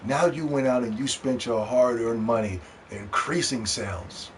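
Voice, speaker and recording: A mid-range male voice, a little slow, belongs to a gaming commentator ranting in vlog commentary on video games. His tone is heated, profane, and mocking. The audio is captured by a distant mic, with faint noise in the background.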